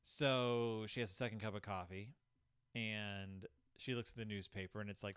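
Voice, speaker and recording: Speaking at a normal pace in a lowish, clean-toned voice, a young host riffs sarcastically on a children's book, animated and slipping into funny voices. The studio-quality recording has no echo.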